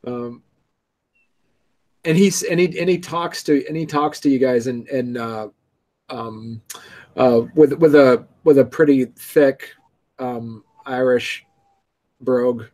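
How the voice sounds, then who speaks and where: A man narrating a tabletop game as game master, halting and full of restarts. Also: medium pitch, steady tone, a little mellow.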